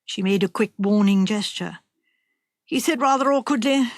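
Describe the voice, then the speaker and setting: This mystery audiobook is narrated by a woman whose mid-range voice stays measured and even throughout the scripted storytelling, captured in a clean studio with no room sound.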